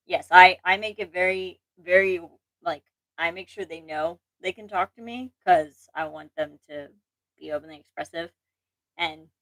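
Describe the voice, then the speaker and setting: A woman's voice: on the low side, a bit bright, no echo, low-quality recording. A young woman hosting a casual livestream chat, rambling and self-deprecating, with restarts, laughs and an occasional allergy cough. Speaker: channel host.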